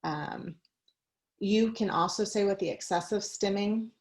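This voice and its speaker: A woman's voice: medium pitch, unhurried, rough recording. A woman giving a conversational talk on a video call, mixing personal stories with practical advice and light laughs. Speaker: guest speaker.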